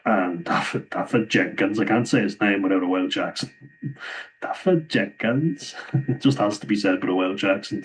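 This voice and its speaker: An Irish man giving casual, opinionated rugby commentary, laughing often, his voice a little hoarse. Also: deep voice, a little hiss or hum, low-quality recording. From Ireland. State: slightly hoarse, losing voice. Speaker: rugby pundit vlogger.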